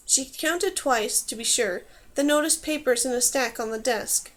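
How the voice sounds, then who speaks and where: A woman reading a fantasy novel aloud in steady, clear scripted narration. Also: sits high, normal speed. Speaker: audiobook reader.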